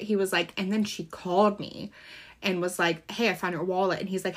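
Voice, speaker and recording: A woman's voice: mid-range voice, steady tone, a little fast. A young woman from Florida co-hosting a true crime podcast, chatting casually in a blunt, profane way and often laughing. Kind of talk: casual chat.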